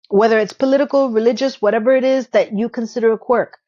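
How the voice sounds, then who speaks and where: A woman's voice: fairly high pitch, fairly even intonation, fairly quick, hardly any pauses, dark tone, dull audio. A woman hosting a casual TV recap, retelling scenes in a chatty way with sarcastic asides. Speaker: TV episode recap host.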